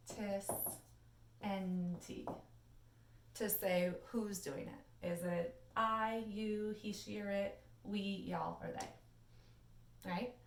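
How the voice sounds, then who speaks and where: A young adult woman teaching a Latin lesson in a chatty, animated way, with sing-song recaps. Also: medium pitch. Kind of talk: classroom video lesson. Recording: echoey room, mic at a distance.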